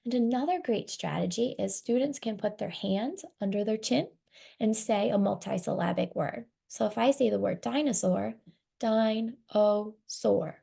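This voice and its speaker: Female webinar presenter, explanatory, slightly fried low-warmth tone. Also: moderate pace, gravelly, breathy edge. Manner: explanatory, walks through slides. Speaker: reading instruction director.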